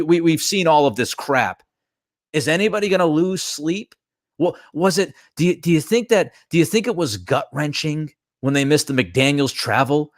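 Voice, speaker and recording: A man hosting a sports talk show, delivering animated, emphatic commentary and ranting about officiating. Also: fairly high pitch, dry recording, clean studio sound. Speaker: sports radio host.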